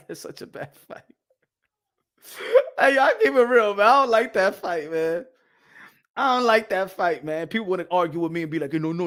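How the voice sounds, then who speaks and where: A man with a high-pitched, fairly bright voice hosts a boxing commentary show. Speaking straight to camera, he rants in a heated, profane, mocking way and often bursts out laughing.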